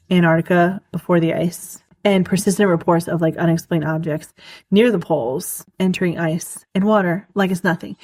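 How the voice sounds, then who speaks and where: A woman's voice: fairly low pitch, a little mellow, no room sound. A woman hosting a solo podcast, rambling and giggling often, with lots of "like" fillers, in casual chat. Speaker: podcast host.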